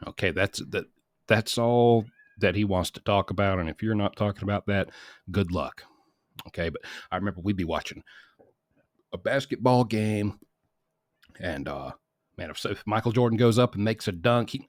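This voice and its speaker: A man's voice: fairly low pitch, animated, normal speed, no echo, studio quality. A man hosting a casual morning podcast from a small hot room at home, talking in a rambling, chatty way that corrects itself as he goes. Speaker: podcast host. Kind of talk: casual chat.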